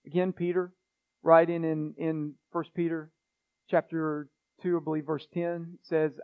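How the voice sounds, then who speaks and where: High-voiced man preaching, dull recording. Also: level tone, measured pace. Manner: earnest preaching with repeated phrases and restarts. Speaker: pastor. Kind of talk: sermon.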